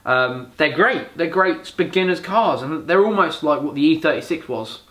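A man, a guest on a podcast, chatting casually and telling lively stories. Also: a little high. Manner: lively storytelling, quick and chatty. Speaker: podcast guest, grassroots drifter. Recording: roomy, echoey room.

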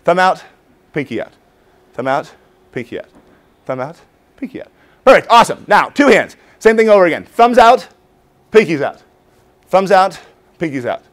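A man in his forties presents to a hall of teachers with restless, animated energy. His voice sits a little high and leaps up and down, and he slips into his students' voices to make each point. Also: moderate pace, long pauses. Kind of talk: lively conference talk with demonstrations. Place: conference hall before an audience.

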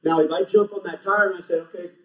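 A man giving an animated, emphatic lecture to a live audience, speaking in short punchy phrases. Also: high voice, fast. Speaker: conference speaker. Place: large lecture hall. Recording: echoey hall, distant, dull lo-fi.

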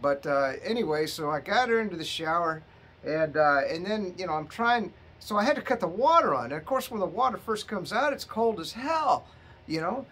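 A man's voice: sits high, animated, moderate pace, bright, forceful tone, breathy edge. A middle-aged man, a bit tipsy from drinking, telling a rambling, profane story to his viewers. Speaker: vlogger. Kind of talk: rambling casual monologue.

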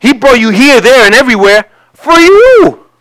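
Pastor guy preaching, chatty, does little voices for people, high bright tone. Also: very animated, moderate pace, poor audio. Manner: conversational preaching, acts out quoted voices. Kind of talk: sermon. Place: church.

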